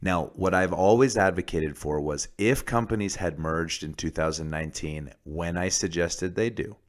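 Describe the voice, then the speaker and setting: A man hosting a casual podcast about the oil industry, talking bluntly and profanely with lots of fillers and restarts. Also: low voice.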